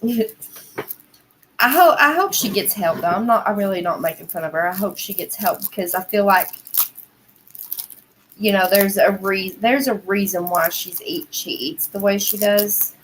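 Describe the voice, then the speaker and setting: A woman's voice: mid-range voice, a little slow, a bit bright, slight background noise, poor audio. A woman with a Southern American accent hosting a casual livestream, chatting in a rambling way and answering viewers' comments. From Southern United States. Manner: rambling, chatty, heavy use of "like" and "y'all".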